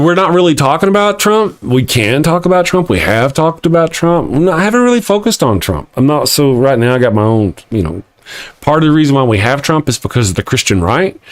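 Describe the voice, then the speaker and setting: On his live-stream morning show, this middle-aged host speaks with a Texas accent at a medium pitch. He goes off on tangents, makes jokes at his own expense, and laughs a lot as he goes through comments from viewers.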